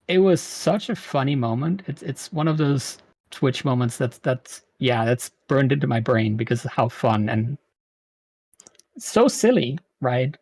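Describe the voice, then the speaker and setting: A man in his thirties, a streamer guest, telling stories in a lively way with frequent laughs. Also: medium pitch, dry recording. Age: 30s. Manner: animated storytelling, quick laughs. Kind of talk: casual interview chat.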